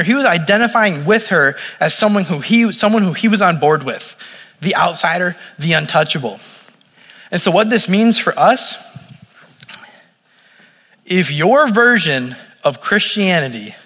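Casual preacher, male, bright high voice, room reverb. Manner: casual, conversational preaching with acted quotes. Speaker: pastor. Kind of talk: sermon. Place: room with audience.

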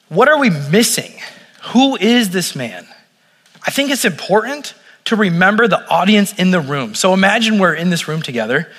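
A man preaches in a loose, chatty way, full of "like" and asides. His voice sits high and sounds bright and forward. The room gives it a long, lingering reverb. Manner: casual, conversational preaching with acted quotes. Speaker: pastor. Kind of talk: sermon. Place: room with audience.

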